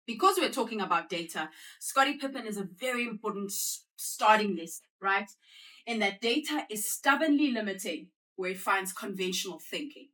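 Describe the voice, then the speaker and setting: Chatty and animated, a South African woman speaking as a guest works a live audience through an informal presentation, trading quick questions back and forth. Her mid-range voice is bright and forward, caught a step back from a distant mic.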